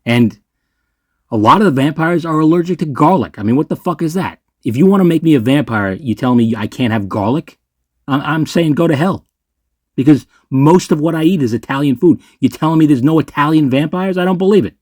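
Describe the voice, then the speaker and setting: A man's voice: fairly high pitch, lively intonation, brisk, dry recording, clean studio sound. Sarcastic ranting man reviewing movies. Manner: sarcastic, ranting, swears freely. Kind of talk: ranking list commentary.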